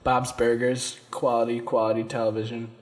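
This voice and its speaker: A man's voice: mid-range voice, monotone, normal speed. A man hosting a podcast, chatting casually and laughing often. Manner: laid-back, laughs often. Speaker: podcast host. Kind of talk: casual chat. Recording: faint hiss behind.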